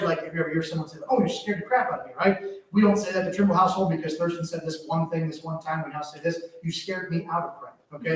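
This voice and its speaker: A high-voiced man preaching a sermon in a church, his voice ringing through a very echoey hall. He sounds like he is standing well away from the mic. He tells stories with animated swings between hushed asides and loud exclamations. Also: recorded from a distance. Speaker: pastor. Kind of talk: sermon with personal story. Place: church sanctuary.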